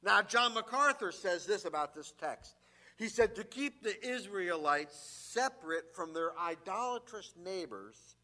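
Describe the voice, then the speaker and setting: A man delivers a sermon in a high, bright voice with a forceful edge. He reads scripture passages, then breaks off for wry, joking asides. He grows louder and more emphatic as he presses his points. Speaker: pastor.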